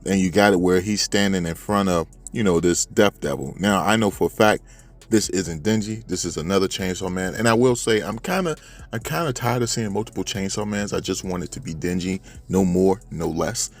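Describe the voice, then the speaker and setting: Slangy animated man recapping manga. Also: low voice, a little fast, faint music behind. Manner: animated, slangy, talks straight to viewers. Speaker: manga reviewer. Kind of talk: casual chapter recap.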